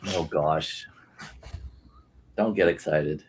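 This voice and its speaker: A man's voice: a bass voice, extremely slow, a little hiss or hum. A man talking casually as a guest, hesitant and self-deprecating. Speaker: podcast guest. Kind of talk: casual chat.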